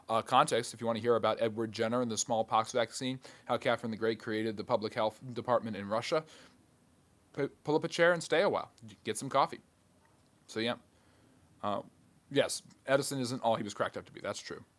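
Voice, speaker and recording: A man hosting a live history stream, reading chat questions aloud and answering with quick, dry jokes. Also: fairly low pitch.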